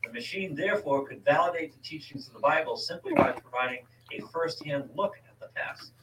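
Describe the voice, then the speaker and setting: A man's voice: fairly high pitch, fairly quick, reverberant, recorded from a distance, very noisy. A man co-hosting a casual podcast, reading a story from notes with offhand asides and self-corrections.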